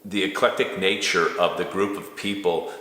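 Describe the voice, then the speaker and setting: A man with a very low yet bright, forceful voice chats casually as co-host. He speaks haltingly and often repeats words. The room is strongly echoey, with a long reverb. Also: steady tone. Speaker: co-host and board partner. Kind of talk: casual conversation.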